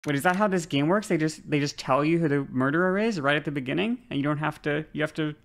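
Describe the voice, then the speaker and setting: A woman's voice: sits low, quick pace, slight background noise. A woman streaming a game playthrough, making wry, self-mocking asides while she reads along. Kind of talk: casual let's-play commentary.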